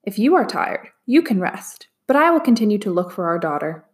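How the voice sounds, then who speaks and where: Storybook mother, weary yet fierce, sharp and clipped, read by a woman. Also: mid-range voice, sing-song, a little fast, lightly acted. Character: fierce, bitter mother searching for her daughter.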